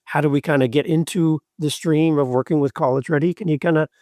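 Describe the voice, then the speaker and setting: A man's voice: fairly high pitch, steady tone, fast talker, a little mellow, no echo, clean studio sound. A man hosting a podcast who asks questions in an easygoing, encouraging way with loose, chatty phrasing. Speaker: podcast host. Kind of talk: casual interview chat.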